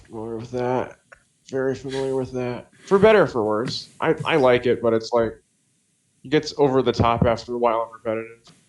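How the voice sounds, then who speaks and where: A man's voice: mid-range voice, a little fast, poor audio. A man co-hosting a podcast in casual chat, laid-back and wry, playing a video game as he talks. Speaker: podcast co-host.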